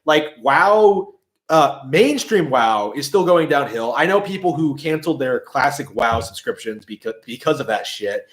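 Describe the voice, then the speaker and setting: A man's voice: medium pitch, lively intonation, normal speed, a bit bright. A man hosting a casual gaming commentary stream, rambling and hedging with fillers and swearing. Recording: echoey room.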